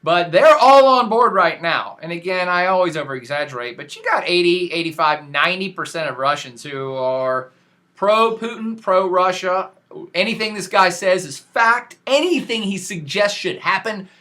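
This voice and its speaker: A man giving a casual podcast lecture on world affairs as a professor, animated and slangy, emphatic and often restarting his sentences. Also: high voice, normal speed.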